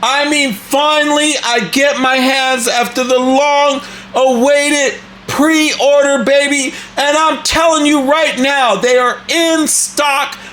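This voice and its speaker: A man hosting an excited toy unboxing review, talking in a hyped, animated, casual way with some cussing. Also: very high-pitched.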